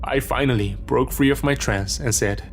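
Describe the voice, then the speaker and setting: A man's voice: mid-range voice, normal speed, gravelly, soft background music. Man narrating a horror story.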